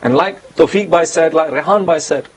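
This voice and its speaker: A man's voice: on the high side, a little fast, husky, poor audio. A man hosting a religious talk show, speaking earnestly and stressing points by repeating them. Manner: earnest, storytelling with repeated emphasis.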